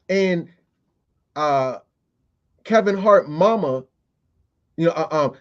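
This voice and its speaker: A man's voice: high voice, a little mellow, highs cut off. A man hosting a podcast, delivering a playful, profane comedic monologue full of fillers. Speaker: podcast host.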